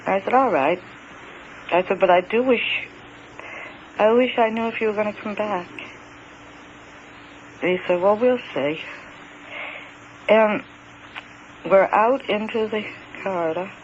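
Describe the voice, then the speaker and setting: A man telling a strange encounter in the first person, in a hesitant, halting way that repeats words and grows emphatic. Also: sits high. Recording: dull lo-fi recording with faint hiss.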